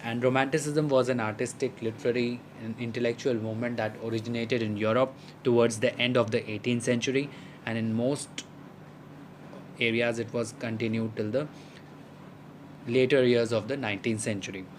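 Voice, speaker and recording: A man's voice: mid-range voice, fairly even intonation, normal speed, slight background noise, low-quality recording. A man teaching a lesson, explaining a poem at length with many fillers and restarts. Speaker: literature teacher.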